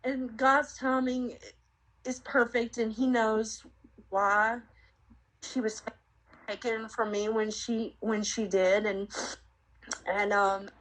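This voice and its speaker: A woman's voice: fairly high pitch, level tone, slow pace, long pauses, fairly bright tone, low-quality recording. Earnest woman telling her testimony. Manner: earnest, reflective storytelling with many fillers. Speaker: guest sharing her testimony. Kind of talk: personal testimony interview.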